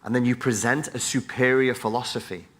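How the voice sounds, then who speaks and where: A man's voice: medium pitch, steady tone, a little fast, a bit bright. A middle-aged man, a psychologist, giving a blunt, profane, exhorting motivational talk on a conference stage, wired and jet-lagged.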